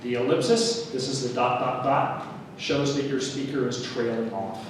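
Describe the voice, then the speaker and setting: A man's voice: medium pitch, normal speed. Man lecturing in an echoey hall. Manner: relaxed teaching with fillers, wry asides. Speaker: writing workshop speaker. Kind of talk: lecture at a writers' meeting. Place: meeting hall. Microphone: room recording from a distance. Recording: echoey hall recorded from far off with noise.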